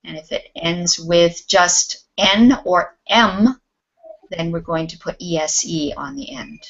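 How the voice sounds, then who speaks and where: A woman's voice: on the low side, takes it slowly, fairly bright tone. A woman teaching an English class online, patient and encouraging. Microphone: video call. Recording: muffled lo-fi video call audio.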